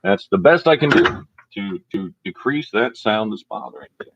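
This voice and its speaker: A man rambling on a solo livestream from his home cabin, talking into a laptop, halting and restarting often. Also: fairly low pitch, lively intonation, creaky, muffled recording, noisy background. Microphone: laptop microphone.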